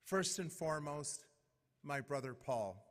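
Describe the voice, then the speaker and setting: A middle-aged man, a mayor, giving a formal, measured inaugural speech full of heartfelt thanks. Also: a little high, expressive, fairly bright tone. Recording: long hall reverb.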